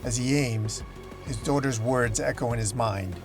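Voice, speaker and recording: A man's voice: mid-range voice, unhurried, over music. A man hosting a comic book channel, narrating a story recap with dramatic emphasis.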